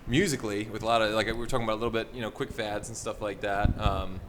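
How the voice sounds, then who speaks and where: A man's voice: lowish voice, fairly even intonation, rapid-fire. A man moderating a convention panel, asking friendly, rambling questions. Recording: noisy convention room.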